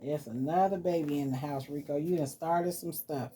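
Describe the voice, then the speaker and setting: A woman hosting a casual vlog, talking softly and playfully to her dolls as if they were children. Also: low-pitched, moderate pace, a little hiss or hum. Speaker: doll collector vlogger. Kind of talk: casual doll-play vlog.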